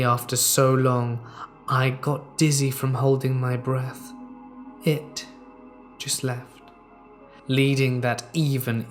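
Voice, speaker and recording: A man narrating a horror story in a measured, hushed, suspenseful way. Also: medium pitch.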